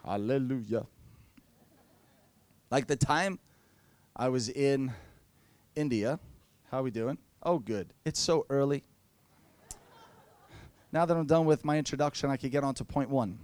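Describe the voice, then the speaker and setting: A man's voice: mid-range voice, measured pace, pauses often, a little mellow, dry recording. A man preaching a sermon, telling playful stories and acting out quotes. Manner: playful storytelling with acted-out quotes.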